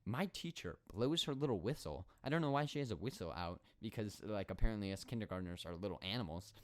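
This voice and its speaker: A twenty-year-old man hosting a solo podcast, telling school stories in an animated, rambling, sarcastic way. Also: lowish voice, fast. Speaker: podcast host.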